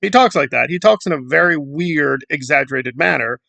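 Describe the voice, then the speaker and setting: Sarcastic male commentator from Central America, gravelly, talking close to a dry mic. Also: on the high side, lively intonation, a little fast, bright, forceful tone, dry recording. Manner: sarcastic, rambling, mocking asides. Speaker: commentary YouTuber. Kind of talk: casual commentary monologue.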